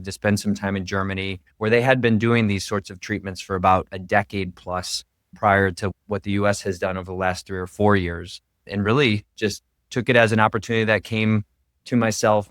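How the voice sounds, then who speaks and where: Low-voiced man, dry close sound. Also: fairly bright tone, dry recording. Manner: earnest, explanatory, heavy on "really" fillers. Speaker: radiation oncologist guest. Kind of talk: interview podcast conversation.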